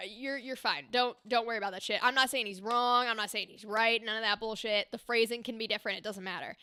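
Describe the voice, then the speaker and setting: A young woman voice actor chatting casually on a livestream, animated and explaining with demonstrations. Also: fairly high pitch, no echo, studio quality. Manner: animated, talks with her hands, explains with demonstrations. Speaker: streamer and voice actor. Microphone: desk microphone.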